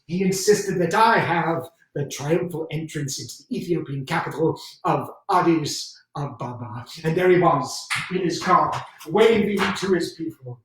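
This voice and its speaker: A man's voice: fairly high pitch, a bit bright, distant mic. A man playing a brash British officer, echoey stage. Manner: theatrical, with swings between exasperation and boastful narration. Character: brash, scheming British officer, narrating his own exploits. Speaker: solo stage performer. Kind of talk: one-man theater monologue. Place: theater stage.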